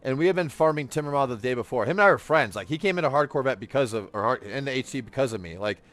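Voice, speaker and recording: A man hosting a gaming podcast, telling stories in casual, profane, animated chat while he plays. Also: mid-range voice, rapid-fire. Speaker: streamer and podcast host.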